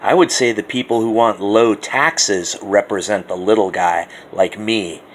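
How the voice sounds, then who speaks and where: A man's voice: lowish voice, unhurried. A man hosting a talk radio show, delivering a profane, sarcastic political rant that taunts his listeners. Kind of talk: ranting political call-in monologue.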